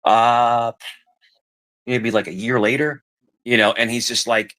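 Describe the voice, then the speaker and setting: A middle-aged podcast guest with a mid-range, slightly bright voice speaks in a flat delivery at a measured pace. Chatting casually, he rambles through family stories, repeating himself and acting out quoted voices.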